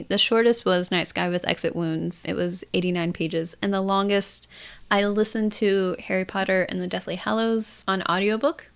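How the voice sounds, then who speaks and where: A young woman chatting casually about books she read, laughing often and reading quotes aloud softly. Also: mid-range voice. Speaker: book vlogger. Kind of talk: casual book chat to camera.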